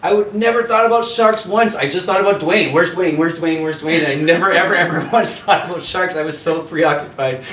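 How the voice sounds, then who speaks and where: Man telling an animated story on a call. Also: high voice, fairly quick, few pauses, roomy sound, recorded from a distance, slight background noise, poor audio. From Canada. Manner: animated storyteller acting out voices, laughing often. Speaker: yoga teacher and host. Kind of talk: casual storytelling on a video call. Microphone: video call.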